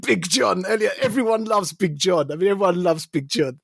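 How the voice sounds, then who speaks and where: A man's voice: high-pitched, expressive, fairly quick, gravelly. A man co-hosting a casual podcast, recapping a film in a rambling way, laughing and losing his thread. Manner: rambling, giggly recapper who loses his train of thought. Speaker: podcast co-host. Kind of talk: casual chat.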